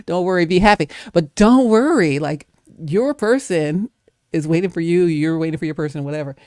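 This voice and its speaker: A woman's voice: sits low, moderate pace, warm tone, no room sound, clean studio sound. A woman giving an emphatic, preacher-like faith talk, acting out doubting voices. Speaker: guest speaker.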